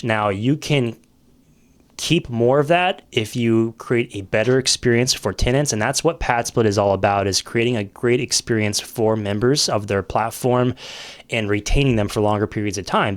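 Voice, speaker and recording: A man, a realtor, casually explaining rental investment numbers while working through a calculator, conversational and thinking aloud. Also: fairly low pitch. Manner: conversational, many fillers and restarts, thinking aloud over numbers. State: coughing now and then. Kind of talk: casual screen-share explainer.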